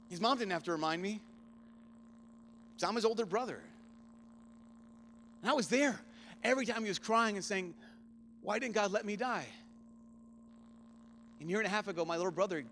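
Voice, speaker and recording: A priest in his thirties gives a keynote talk in a fairly high voice, telling a story earnestly. He often drops to a hush, then lifts his voice as the feeling grows. A faint hum sits under the recording. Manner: earnest storytelling, often hushed, rising with emotion. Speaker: priest giving a conference keynote. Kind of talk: youth conference keynote talk.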